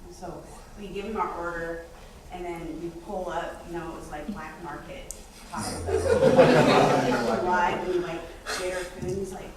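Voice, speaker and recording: A woman on a convention panel telling a story with animated laughs. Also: lowish voice, moderate pace, noisy background. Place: convention hall room before an audience. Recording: very echoey hall, far from mic, crowd behind.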